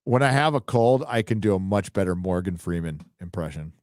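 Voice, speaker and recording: A man's voice: deep voice, animated, fairly quick, a little mellow, dry recording, studio quality. Rambling man hosting a live stream. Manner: rambling, offhand, swears casually. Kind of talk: casual live-stream chat, reading donations. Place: home studio.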